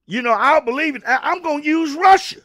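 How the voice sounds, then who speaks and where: A man ranting on his own show, voice pitched unusually high and bright. He preaches hard, stumbles over repeated words and breaks into shouts. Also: a little fast. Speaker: show host. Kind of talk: political rant monologue.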